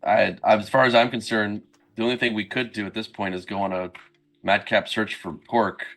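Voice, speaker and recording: Halting, teasing man at the game table. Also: lowish voice, fairly even intonation, fairly bright tone. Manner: halting, restarts a lot, teasing. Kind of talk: casual tabletop role-play chat.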